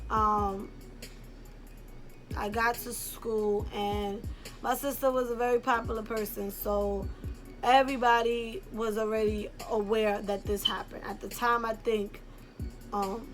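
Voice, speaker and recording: A woman's voice: mid-range voice, steady tone, slow pace, fairly bright tone, faint music behind. A young woman from Brooklyn tells a personal story in a casual, rambling way, full of "like" and "um". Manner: candid and rambling, heavy on "like" and "um". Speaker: YouTuber telling a personal story.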